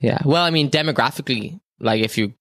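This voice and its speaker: A man presenting a trivia segment on a game podcast, self-mocking and quick to laugh. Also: mid-range voice, a bit bright, no echo. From Ireland. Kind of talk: casual banter. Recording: faint background noise.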